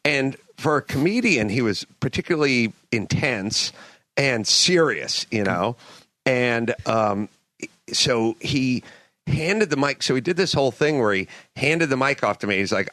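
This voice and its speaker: A man hosting a podcast, telling a casual story and acting out the people he quotes with lively voices. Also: medium pitch, moderate pace, dry recording. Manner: animated, acts out quotes in other voices. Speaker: podcast host. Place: ship cabin.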